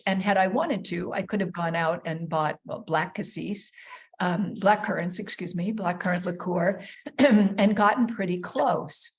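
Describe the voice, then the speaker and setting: A woman's voice: on the low side, steady tone, a little slow. A woman guest on a wine podcast, talking thoughtfully with many fillers and restarts. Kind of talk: casual podcast interview.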